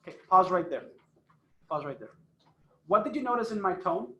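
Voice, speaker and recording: A man's voice: high voice, lively intonation, normal speed, pushed and bright, roomy sound, slight background noise. A man coaching a phone sales team, emphatic and repeating points for stress. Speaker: sales trainer. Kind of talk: phone sales training talk. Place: office phone room.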